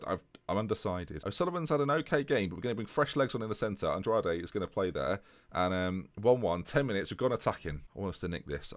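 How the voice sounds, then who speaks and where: Fast-talking gaming commentator. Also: male voice, on the low side, no echo. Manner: chatty, jokey, excitable play-by-play. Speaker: video game commentator. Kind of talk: let's play football sim commentary.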